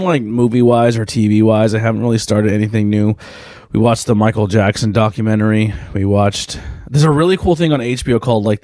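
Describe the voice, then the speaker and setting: A man's voice: on the low side, mellow, no room sound, studio quality. A man in his thirties hosting a podcast, rambling casually with lots of fillers and swearing. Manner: rambling, profane, laid-back, lots of fillers. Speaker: podcast host. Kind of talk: casual solo podcast chat.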